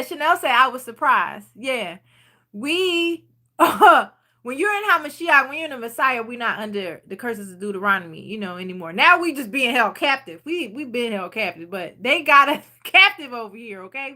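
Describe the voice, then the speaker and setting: Bright high-voiced woman chatting about faith. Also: lively intonation, moderate pace. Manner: chatty and rambling, reading viewer comments aloud. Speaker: channel host leading a Bible study. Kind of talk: casual faith talk to viewers.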